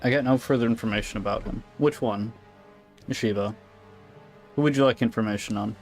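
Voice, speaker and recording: A man's voice: lowish voice, brisk, faint music behind. An American man streaming a game live, chatting loosely and answering viewers in asides. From United States. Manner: rambling, reacting to chat with asides. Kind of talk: casual live-stream chat while gaming.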